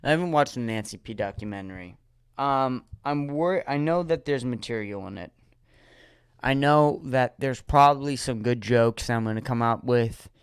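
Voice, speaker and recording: A man and comedian, from Erie, Pennsylvania, talking alone on his podcast in a rambling, animated way, swearing freely. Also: medium pitch, normal speed, smooth, no echo. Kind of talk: solo podcast monologue.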